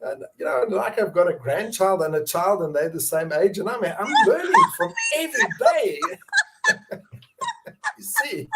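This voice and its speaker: A man's voice: high-pitched, huge pitch swings, unhurried, vocal fry, very noisy. A middle-aged man speaking as a guest, telling his story in an earnest, candid conversational way, with many fillers and restarts and bursts of laughter. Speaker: guest, survivor and advocate.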